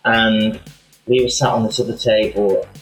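A man's voice: on the low side, moderate pace, soft background music. Man, chatty guest, tells stories with lots of asides, roomy sound. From England. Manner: animated anecdotal storytelling with many asides. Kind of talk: casual chat.

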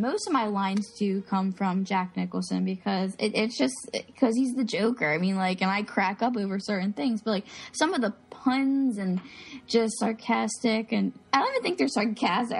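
A woman's voice: medium pitch, normal speed, vocal fry. A woman chatting casually as a podcast co-host, talking in a filler-heavy, giggly way. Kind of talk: casual chat.

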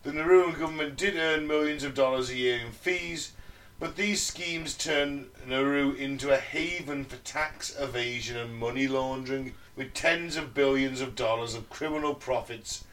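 A man co-hosting a casual chat podcast, reading research notes aloud and breaking off for jokey, sweary asides. His voice sits at a middling pitch and comes across a little distant from the mic. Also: normal speed, fairly bright tone. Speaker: podcast co-host.

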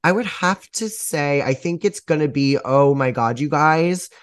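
A man's voice: on the high side, unhurried, clean tone. A man chatting as a podcast guest, campy and theatrical, gushing with enthusiasm and calling people honey. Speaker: podcast guest, drag performer. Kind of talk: casual chat.

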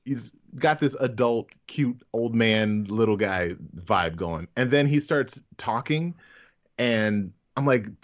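An excitable man chatting on a podcast, cursing freely and jumping into quoted lines. His voice sits in an ordinary middle range. The recording is a little dull and lo-fi. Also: mid-range voice, slow pace. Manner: excitable, swears, acts out quotes. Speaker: podcast co-host. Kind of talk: casual chat.

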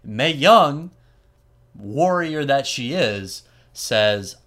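A man hosting a podcast, telling a story in an animated, wry, casual way and laughing often. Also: medium pitch, drawn-out words. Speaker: podcast host.

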